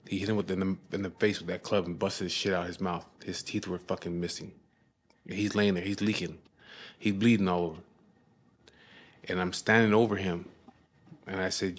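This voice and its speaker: A man's voice: low voice, flat delivery. A man telling a story in a casual, blunt way, full of swearing, stumbling and repeating himself as he goes. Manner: blunt and heavily profane; halting restarts and repeated words. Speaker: storyteller recounting his past.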